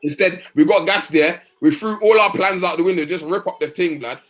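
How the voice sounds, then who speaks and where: A man's voice: high voice, a little fast. A young man ranting about football, fired up and swearing, firing off rhetorical questions. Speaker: co-host. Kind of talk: heated casual football rant.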